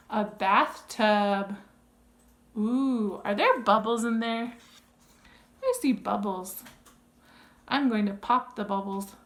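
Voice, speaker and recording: A woman demonstrates how to read a picture book with a toddler. She speaks very slowly, in a bright, slightly high sing-song, with gasps of delight and playful sounds. Between pages she turns to the parents with simple tips. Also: big pitch swings, slight background noise. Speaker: early childhood educator. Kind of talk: reading a board book aloud to toddlers.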